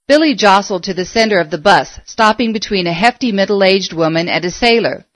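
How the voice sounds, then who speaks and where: Woman narrator for a storybook; steady, measured, dry close mic. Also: medium pitch, no room sound.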